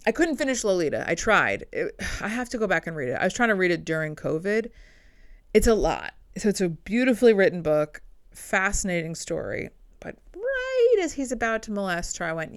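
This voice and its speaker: Woman doing a dark funny solo monologue, kinda low voice, very dry mic. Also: big pitch swings, a little fast, smooth, no echo. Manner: dark, irreverent joking with frequent laughs. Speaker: podcast host and comedian. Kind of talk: comedic monologue.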